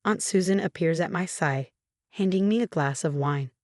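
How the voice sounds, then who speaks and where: Brief: woman storyteller, low voice, dry close recording. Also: moderate pace, darkish tone, dry recording. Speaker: narrator. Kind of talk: scripted first-person story narration.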